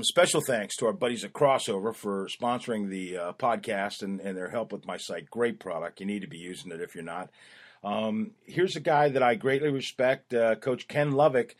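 A man hosting a podcast, introducing a coaching clip in a casual, rambling way with many "uh"s and "um"s. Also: medium pitch. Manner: rambling, filler-heavy with frequent "uh" and "um". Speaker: podcast host.

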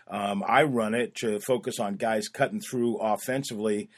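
A man's voice: lowish voice, steady tone, normal speed. A man hosting a podcast, introducing a coaching clip in a casual, rambling way with many "uh"s and "um"s. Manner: rambling, filler-heavy with frequent "uh" and "um". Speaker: podcast host.

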